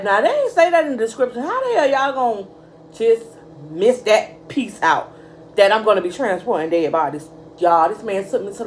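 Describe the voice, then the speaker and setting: A young woman vlogger telling a casual storytime, animated and profane, calling her viewers y'all. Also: fairly high pitch, moderate pace, a little hiss or hum, rough recording.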